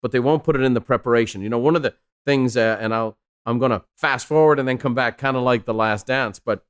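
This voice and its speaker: A man's voice: mid-range voice, quick pace, clear, resonant tone. A man hosting a podcast interview, chatting conversationally with a few joking asides. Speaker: host.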